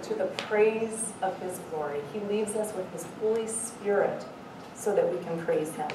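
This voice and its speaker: A middle-aged woman giving an earnest devotional talk as a Bible study speaker, mixing in lively self-mocking stories. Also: mid-range voice, normal speed. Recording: echoey room, mic far off, faint noise.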